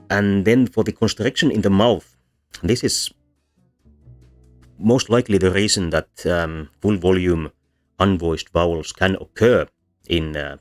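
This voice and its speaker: A man presenting a linguistics lecture from slides, explaining step by step with frequent ums and self-corrections. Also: deep voice. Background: soft bossa music.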